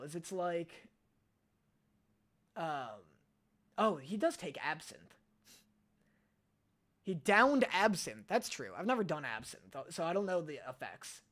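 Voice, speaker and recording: Man, streamer, talks in loose rambling chat with a lively, bouncy pitch. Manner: rambling, self-deprecating, restarts often. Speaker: reaction streamer.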